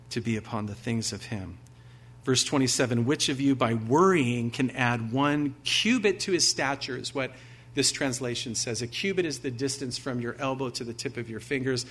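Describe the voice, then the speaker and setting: A man's voice: mid-range voice, fairly bright tone, a little hiss or hum. A man preaching a sermon, reading scripture aloud with emphasis and asking his listeners rhetorical questions in a conversational way. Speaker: pastor.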